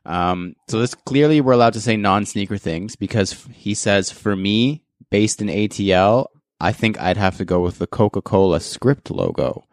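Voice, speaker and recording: A low-pitched man hosting a podcast, relaxed and joking as he runs the show. His chat is loose and full of filler words. The sound is close and dry, with no room around it. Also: normal speed, no echo. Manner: laid-back, joking, frequent "like". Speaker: podcast host. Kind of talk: casual chat.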